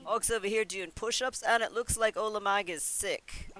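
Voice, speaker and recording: A man's voice: high-pitched, fairly even intonation, moderate pace, pushed and bright. A man hosting a let's play, narrating a life-sim game and slipping into playful character voices. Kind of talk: game commentary, voicing characters.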